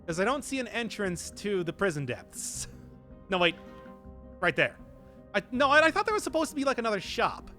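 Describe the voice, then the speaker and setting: A young man live-streaming a game, chatting casually and answering chat in an animated, self-mocking way. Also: sits high, moderate pace, faint music behind. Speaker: gaming streamer.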